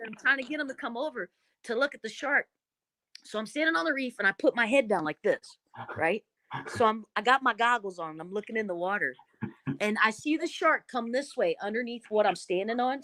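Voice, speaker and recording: A woman's voice: fairly high pitch, brisk, no room sound. A woman with a Southern Kentucky accent telling stories in a casual interview, dramatic and folksy. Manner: animated, dramatic storyteller with folksy phrasing. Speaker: guest, former reality show contestant.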